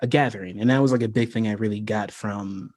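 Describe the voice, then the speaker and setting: A man's voice: fairly low pitch, fast, no echo. An American man chatting casually on a livestream, rambling with lots of "like" and frequent laughs. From United States. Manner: relaxed and rambling, many "like"s, laughs often. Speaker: creator talking about his fantasy world.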